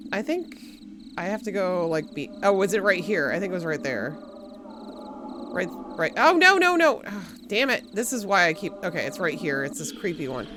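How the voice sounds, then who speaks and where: A woman's voice: mid-range voice, noisy background. A woman live-streaming a puzzle game, chatting casually, swearing freely and thanking her viewers as she plays. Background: game music.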